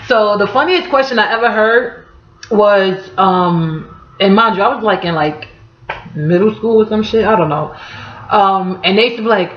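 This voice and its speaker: A woman's voice: medium pitch, moderate pace, a little hiss or hum. A young woman from Harlem with a New York accent, talking casually and profanely to camera in a vlog. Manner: casual, profane, laughing slang-heavy storytelling. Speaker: vlogger. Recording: echoey room, dull lo-fi sound.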